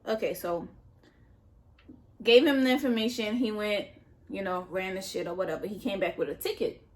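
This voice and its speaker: A young adult woman vlogger telling a story in casual chat, animated, repeating herself and swearing as she goes. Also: mid-range voice, normal speed. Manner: animated, repetitive retelling with swearing. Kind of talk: casual storytime while eating.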